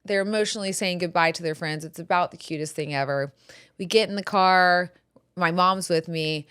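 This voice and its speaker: A woman in her thirties hosting a podcast, telling animated family stories with frequent laughter. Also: lowish voice, normal speed, clear, resonant tone. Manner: animated storyteller, laughs often. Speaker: podcast host. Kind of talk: casual chat.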